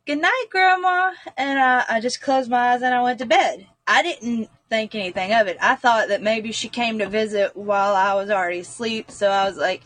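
A woman's voice: a little high, fairly even intonation, a little fast, few pauses, fairly bright tone, no echo. A woman, a guest earnestly recounting a personal story, rambling with frequent fillers. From North Carolina, US.

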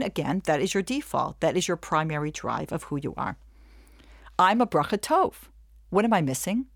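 A middle-aged woman giving a webinar talk, telling stories in a chatty, animated way and checking in often with her listeners. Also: fairly low pitch, dry recording, studio quality. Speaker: webinar speaker. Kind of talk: lively storytelling talk.

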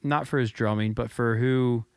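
A man co-hosting a podcast, telling a story in an earnest, reflective way, often halting and repeating his words. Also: medium pitch, fairly even intonation, smooth, no room sound, studio quality. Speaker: podcast co-host.

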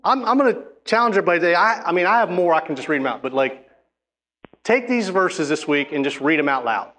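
A man's voice: sits high, expressive, quick pace, pushed and bright. A man preaching a sermon, reading scripture and urging listeners with emphatic, exhorting speech. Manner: emphatic, exhorting, with frequent restarts.

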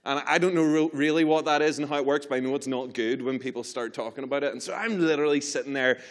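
A young Northern Irish man preaching in a storytelling way. He is animated and self-mocking, and his voice jumps up and down as he acts out the story. The tone sits at a middle pitch for a man. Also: fast talker. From Northern Ireland. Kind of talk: storytelling sermon.

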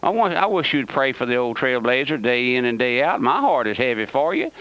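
A man's voice: mid-range voice, sing-song, a little fast, fairly bright tone, no room sound. A man preaching a fiery radio sermon, impassioned, repeating phrases and calling listeners "my friend". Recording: dull dry radio recording.

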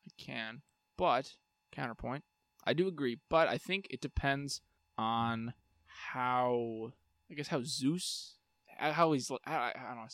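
A man's voice: medium pitch, unhurried, fairly bright tone, dry recording, clean studio sound. A man co-hosting a podcast in casual chat, rambling with restarts and slipping into comic impressions. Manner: rambling, restarts, mimics people in comic voices. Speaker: podcast co-host.

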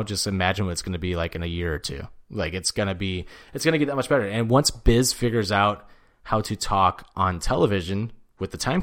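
A man hosting a casual sports podcast, telling stories with animated quoted voices and frequent swearing. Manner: animated storytelling, acts out quotes with jumps in pitch. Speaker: podcast host.

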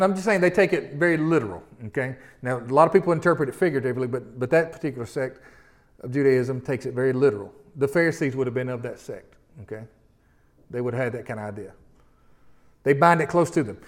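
A man preaching a sermon, teaching in a folksy way and reading scripture slowly with emphasis. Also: fairly high pitch. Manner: folksy teaching, often asks "see what I'm talking about?". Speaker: pastor.

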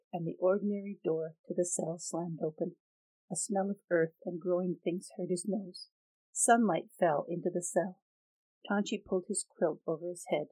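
A woman reads a novel aloud in a steady, measured way. Her voice sits low, and the recording is dry and close. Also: breathy edge, dry recording, rough recording. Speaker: narrator. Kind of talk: audiobook reading.

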